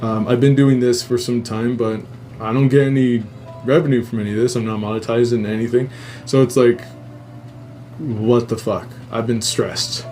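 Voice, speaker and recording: A man's voice: mid-range voice, normal speed, soft background music. Swearing man rambling through a story. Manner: heavy casual swearing; animated, rambling retelling with restarts. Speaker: livestream host. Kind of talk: casual storytelling on a live stream.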